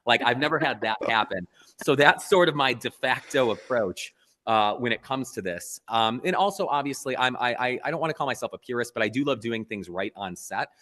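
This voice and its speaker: A man, a photographer, being interviewed, telling stories in an earnest, animated way. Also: medium pitch, fairly quick, in a large hall. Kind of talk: casual interview talk.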